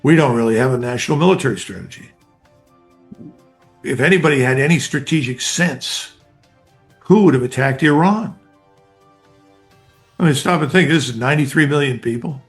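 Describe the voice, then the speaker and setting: A man's voice: medium pitch, normal speed, pauses often, faint music behind. An older man, a retired army colonel, giving blunt, emphatic analysis in an interview, speaking in short declarative bursts.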